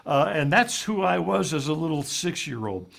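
Folksy male guest storyteller, earnest, a bit higher-pitched voice. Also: lively intonation, normal speed, creaky, a bit bright. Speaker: guest speaker. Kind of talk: storytelling on a talk show.

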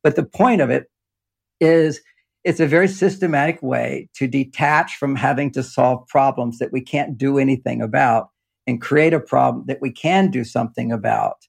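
A man's voice: medium pitch, normal speed, creaky, slightly rough. An older man talking in a rambling, explanatory way in a casual interview, often breaking into laughter, speaking from an underground home office. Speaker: relationship author and guest.

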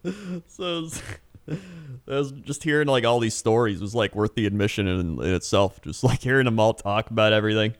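A young man chatting casually and telling an animated story, acting out quotes and laughing often. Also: on the low side, brisk, no echo. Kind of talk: casual chat.

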